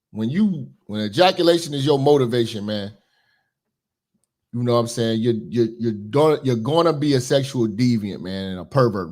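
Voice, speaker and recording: A man hosting a commentary channel, reacting to a book in slangy, emphatic casual talk that climbs higher as he gets worked up.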